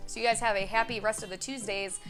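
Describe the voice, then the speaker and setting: A woman's voice: mid-range voice, fairly even intonation, fast, fairly bright tone, soft background music. A young woman chatting casually to camera as a vlogger, swearing freely and laughing as she tells stories. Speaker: YouTube vlogger.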